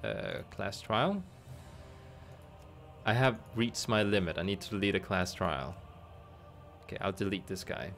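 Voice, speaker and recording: A man streaming a game, chatting casually and thinking aloud with amused asides. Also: fairly low pitch. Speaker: gaming streamer.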